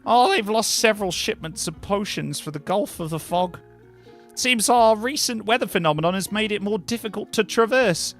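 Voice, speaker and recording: A man voicing a weary, polite woman mage and potion brewer in a higher put-on voice with a questionable accent, chatty and dry. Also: moderate pace, a bit bright, faint music behind. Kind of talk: voicing characters in a cozy narrative game.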